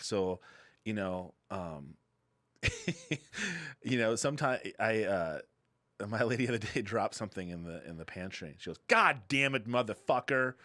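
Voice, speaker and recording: A man's voice: lowish voice, fairly bright tone, dry recording. A middle-aged man co-hosting a casual podcast, easygoing and rambling, often chuckling. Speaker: podcast co-host. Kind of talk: casual chat.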